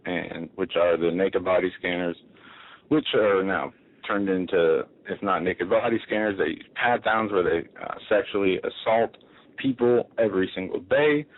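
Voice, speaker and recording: A man's voice: sits low, moderate pace. A man co-hosting a talk radio show, speaking assertively in declarative statements and running through lists. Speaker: radio co-host. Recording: tinny phone-line sound.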